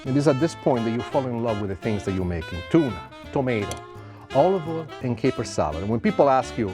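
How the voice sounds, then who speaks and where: A man's voice: mid-range voice, very animated, fast. A middle-aged man with an Italian accent hosting a cooking demonstration in a TV kitchen, talking in a playful, theatrical, self-mocking way. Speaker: TV chef host. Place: TV kitchen set. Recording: music playing under the voice.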